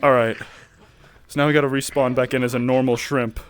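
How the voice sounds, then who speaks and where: A man's voice: medium pitch, flat delivery, a little fast. A man playing in a tabletop game, chatting casually and joking with the others. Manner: loose and joking, shouts at times. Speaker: player.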